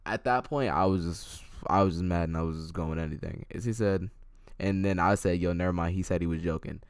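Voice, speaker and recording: A young man with a very deep, low voice rambles through a story in casual chat, restarting his sentences and voicing both sides of an argument. He sounds close and completely dry, with no room sound at all. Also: a little fast, clear, resonant tone, no room sound. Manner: rambling, restarts often, acts out both sides of text exchanges.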